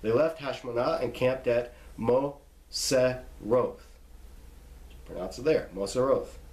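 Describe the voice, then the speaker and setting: A man's voice: mid-range voice, lively intonation, darkish tone, roomy sound, poor audio. A man reading a list of scripture names aloud and stopping to explain how to pronounce them, in a teaching tone. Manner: reads name lists slowly, pausing to spell out pronunciations.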